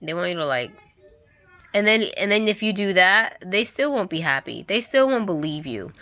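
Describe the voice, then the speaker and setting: A woman's voice: mid-range voice, animated, normal speed, a bit bright. A woman vlogger giving an emphatic, candid monologue to camera. She often repeats herself and laughs now and then.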